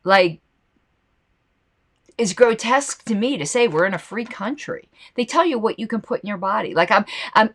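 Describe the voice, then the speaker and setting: A woman's voice: fairly low pitch, fairly bright tone. A woman hosting a solo podcast with a slight lisp, talking in a rambling, impassioned and indignant way between passages she reads aloud. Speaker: podcast host.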